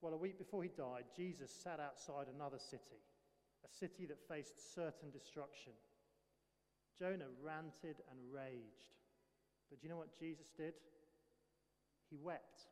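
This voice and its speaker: A man's voice: a little high, a little slow, pauses often, darkish tone. Earnest man preaching in a reverberant hall. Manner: earnest, asks the listeners many rhetorical questions. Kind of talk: sermon.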